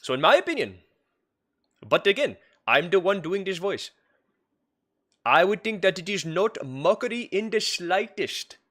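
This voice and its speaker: A man putting on a high, earnest character voice. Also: sing-song, measured pace, long pauses, a bit bright, heavily acted. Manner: earnest, emphatic, argumentative. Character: man's raised put-on speaking voice, earnest.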